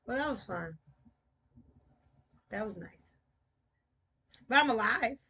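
A woman's voice: a little high, expressive, creaky, pushed and bright, slight background noise. A woman chatting playfully while streaming a shooter game. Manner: playful, sings snippets, slow drawl. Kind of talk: casual live-stream chat while gaming.

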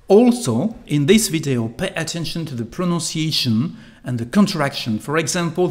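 Tutor man explaining phrases. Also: medium pitch. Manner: clear, deliberate explanation with repeated model phrases. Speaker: online French tutor. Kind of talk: language lesson.

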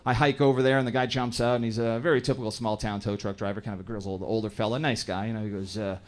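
A Canadian man in his thirties performing a stand-up comedy set on a club stage, telling family stories and briefly acting out other people in quick voices. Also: fairly low pitch, steady tone. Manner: storytelling, acts out other characters in quick voices.

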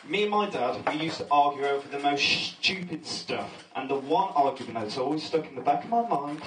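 A man's voice: a little high, animated, fairly quick, slight background noise. Nervous young man doing stand-up in an echoey pub. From England. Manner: nervous, rambling, laughs at own jokes. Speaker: stand-up comedian. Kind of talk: stand-up comedy set. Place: pub function room with a live audience. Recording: distant echoey pub room recording.

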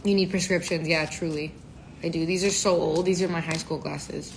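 A woman's voice: on the low side, steady tone, moderate pace, vocal fry. A young woman in her twenties reading tarot on a casual livestream, playful and chatty. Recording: noisy home livestream audio.

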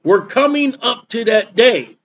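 A man's voice: extremely high pitch, expressive, unhurried, lo-fi sound. A man preaching a sermon as pastor, emphatic and repeating his points for stress.

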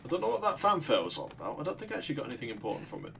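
Wry, sweary gamer. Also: male voice, medium pitch, huge pitch swings, very fast, vocal fry, fairly bright tone, slight background noise. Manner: sweary, wry, talking to himself. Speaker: streamer. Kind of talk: casual gameplay commentary.

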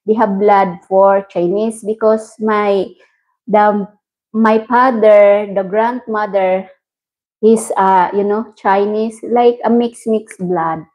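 A woman from the Philippines with a Filipino accent, hosting a casual livestream and chatting with viewers in halting English. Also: mid-range voice, steady tone, a little mellow, poor audio. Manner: slow, halting non-native English with frequent laughs. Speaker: livestream host. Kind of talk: casual livestream chat reading viewer comments.

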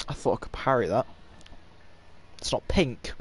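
A sixteen-year-old boy streaming a game, excitable and swearing, shouting at the game. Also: medium pitch, moderate pace. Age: teens. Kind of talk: live gameplay commentary.

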